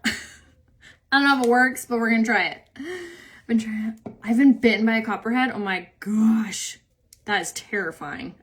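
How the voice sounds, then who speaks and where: A young woman hosting a makeup live stream, chatting casually and answering viewer comments, rambling and saying "like" a lot and laughing easily. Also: mid-range voice.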